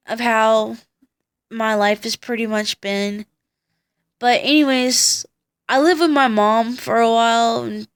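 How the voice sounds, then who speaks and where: A woman's voice: fairly high pitch, fairly bright tone. A tired young woman telling a personal story on her vlog, blunt and profane as she recounts it. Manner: blunt and profane, heated retelling. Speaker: vlogger.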